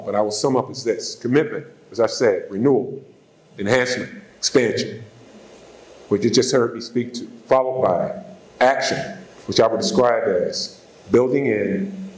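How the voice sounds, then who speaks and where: Man, mid pitch, formal podium address, emphatic listing cadence, roomy hall sound. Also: darkish tone. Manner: measured, emphatic speech with lists and repetition. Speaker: university president. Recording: echoey hall.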